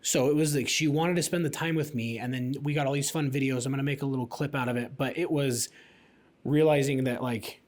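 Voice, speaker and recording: A man's voice: mid-range voice, steady tone, fairly quick. A man in his thirties, co-hosting a podcast, telling a personal story in a chatty way full of fillers. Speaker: podcast co-host. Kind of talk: casual podcast conversation.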